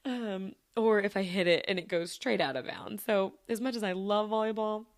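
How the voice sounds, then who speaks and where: A woman's voice: mid-range voice, steady tone, normal speed. A woman hosting a podcast and talking casually to her listeners, chatty and often laughing between thoughts. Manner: talks to listeners directly. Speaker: podcast host and teacher. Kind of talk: casual personal chat.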